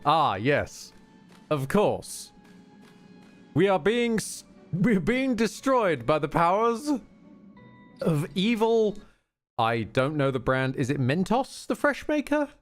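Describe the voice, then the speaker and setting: A man's voice: a little high, very animated, takes it slowly, pauses often, soft background music. A man streaming a video game, chatting casually in a playful, crude and jokey way. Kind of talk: casual gameplay commentary.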